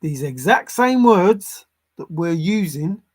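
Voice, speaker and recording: A man's voice: high voice, animated, slow, darkish tone. Man, vlogger, solo commentary, sarcastic, exasperated, swears, repetitive. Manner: repeats phrases for emphasis. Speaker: treasure-hunt vlogger.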